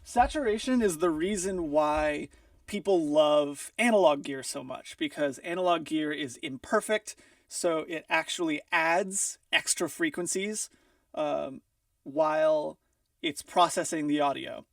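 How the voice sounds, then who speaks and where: A man's voice: fairly high pitch, unhurried, gravelly, a bit bright, no room sound. A man teaching music mixing in a studio, explaining casually while thinking aloud with frequent ums and restarts. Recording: dry, a bit far from the mic.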